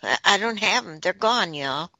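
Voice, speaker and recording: A woman's voice: lowish voice, lively intonation, moderate pace, bright, forceful tone, no echo. A woman on a talk podcast, relaying messages she says she is receiving, in a casual chatty way. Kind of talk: casual channeling chat.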